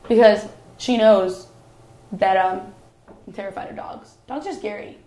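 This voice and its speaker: A young woman vlogging casually about roommates as a student, animated and acting out quotes in different voices. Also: mid-range voice, unhurried, a little hiss or hum. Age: young adult. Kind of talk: casual comedic vlog. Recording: roomy echo.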